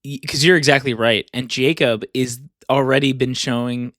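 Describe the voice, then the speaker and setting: A man co-hosting a podcast, talking through a Bible passage in a rambling, halting way with many restarts. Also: medium pitch, steady tone, fairly bright tone, dry recording, studio quality. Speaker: podcast co-host. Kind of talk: casual discussion.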